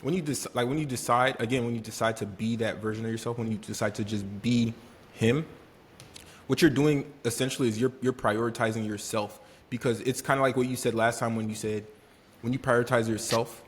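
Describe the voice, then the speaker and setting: A man's voice: mid-range voice, steady tone, brisk. A man co-hosting a podcast, reflecting in casual chat and repeating phrases as he builds a point.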